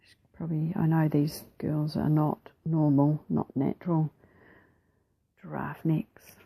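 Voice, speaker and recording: Soft low-pitched New Zealand woman. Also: a little slow, creaky, husky, no echo, poor audio. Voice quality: soft-spoken, often drops into a whisper. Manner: relaxed, rambling, self-deprecating. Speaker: mixed media artist. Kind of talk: voice-over narrating a time-lapse craft video.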